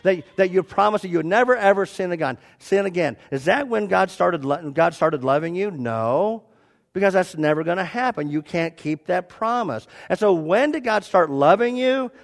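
A middle-aged man preaching a sermon as pastor, animated, repeating his phrases and dropping to a quiet, soft prayer. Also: high voice, moderate pace. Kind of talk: sermon with a told joke.

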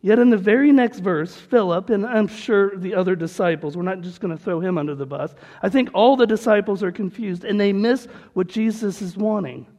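High-voiced man preaching in a hall. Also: brisk, hardly any pauses, a little mellow. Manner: earnest, conversational, explaining. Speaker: pastor. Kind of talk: sermon. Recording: long hall reverb.

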